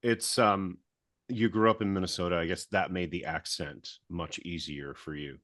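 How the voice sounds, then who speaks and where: A man with a very low voice, from the American South, conducts an interview in a dry, close-sounding recording. He is curious and chatty, laughing easily and reshaping his questions as he goes. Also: fairly even intonation, moderate pace, a bit bright, dry recording. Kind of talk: casual interview chat.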